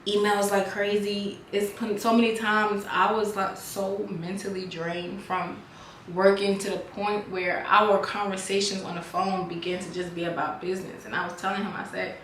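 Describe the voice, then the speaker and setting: This woman, a beauty vlogger who also runs a business, talks to her viewers like friends while applying makeup, chatty and lively throughout. She speaks in a mid-range voice at a moderate pace. There's slight background noise, an echoey room, and faint music.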